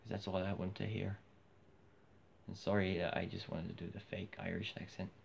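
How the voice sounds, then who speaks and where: A hoarse man with an Australian accent, rambling casually in a live video monologue with many restarts. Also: sits low, flat delivery, moderate pace. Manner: rambling, frequent restarts and fillers. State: hoarse, losing his voice. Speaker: vlogger. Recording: dull lo-fi with faint hiss.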